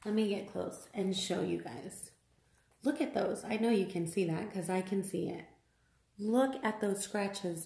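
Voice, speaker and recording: An exasperated woman vlogger talks through an unboxing, circling back on the same complaints with plenty of fillers. Her voice sits at an ordinary middle pitch and bounces around an echoey room. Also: vocal fry, a little mellow. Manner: upset, exasperated, repeats herself, many fillers.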